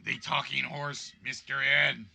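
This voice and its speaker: A man's voice: medium pitch, little pitch movement, measured pace, vocal fry, pushed and bright. A man hosting a live-streamed game show, chatty and joking as he reads out players' guesses.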